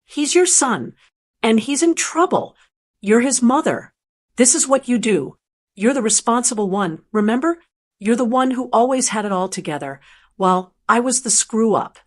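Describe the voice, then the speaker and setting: A woman's voice: a little high, lively intonation, moderate pace. A woman voicing a scheming middle-aged man who bullies his sister, mocking and pushy. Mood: angry.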